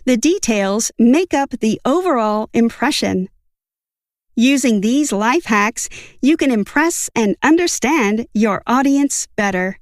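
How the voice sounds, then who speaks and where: A woman narrating a scripted book summary in an even, measured reading. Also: on the high side, no room sound, studio quality.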